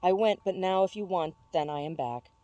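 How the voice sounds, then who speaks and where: A woman's voice: lowish voice, normal speed, warm tone, no echo, muffled recording, natural voice. A woman voicing a blunt mother who speaks emphatically and with scorn. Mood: emphatic.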